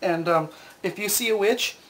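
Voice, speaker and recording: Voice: mid-range voice, normal speed, fairly bright tone. A vlog host delivering a sarcastic, profane comedic rant to camera and laughing often.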